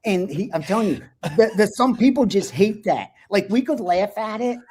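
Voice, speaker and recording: A man giving sports betting picks in casual talk, blunt and animated, swearing freely. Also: sits high, normal speed, slightly rough.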